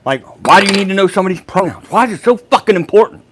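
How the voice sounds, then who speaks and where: A middle-aged man, hosting a casual live chat. He swears freely and laughs loudly at his own jokes. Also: high-pitched, expressive, very fast, noisy background. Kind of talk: casual livestream chat reading comments.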